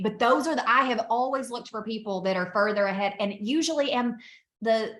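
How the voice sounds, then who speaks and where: Energetic woman coaching, fairly high voice. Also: a little fast. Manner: energetic, emphatic, laughs often. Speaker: guest speaker, business coach. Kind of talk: coaching talk on a video call. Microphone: video call.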